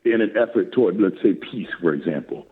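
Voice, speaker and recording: An older man on a phone call as a talk guest, talking in a lively, preacherly way and laughing often. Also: sits low, brisk, breathy edge. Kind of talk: casual chat. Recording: tinny phone line.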